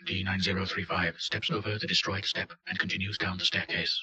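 A man with a very low voice that still sounds forceful and bright. He reads a report in a flat, matter-of-fact tone, as scripted narration. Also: a little fast, dull audio. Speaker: reader.

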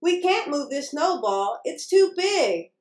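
A woman's voice: high voice, sing-song, slow, reverberant, exaggerated voice. A woman voicing a small, puzzled mouse in a children's storybook, asking worried questions.

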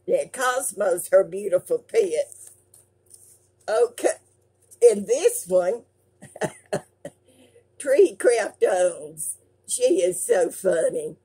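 A woman's voice: mid-range voice, expressive, extremely slow, long pauses, dark tone, slightly rough. An older woman, hosting her craft channel and reading fan mail aloud in a folksy, affectionate way.

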